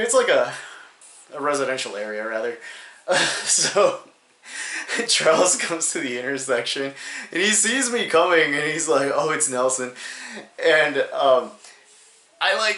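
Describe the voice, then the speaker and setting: A young man telling a comedic high school story in a rambling way, with many fillers and laughs between phrases. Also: pushed and bright. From New Hampshire, USA. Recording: roomy echo.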